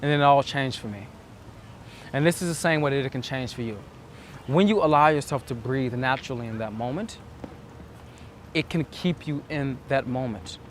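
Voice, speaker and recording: A man's voice: mid-range voice, normal speed, long pauses, a little hiss or hum. A man giving earnest, reflective dating advice as a coach, acting out the self-talk he describes. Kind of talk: instructional monologue.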